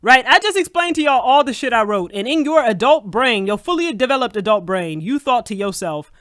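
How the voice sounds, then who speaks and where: Storytime vlogger, mid-pitched, profane and indignant, talks straight to camera. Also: lively intonation, brisk, fairly bright tone, no room sound, clean studio sound. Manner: profane, indignant, addresses viewers as y'all. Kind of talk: casual storytime rant.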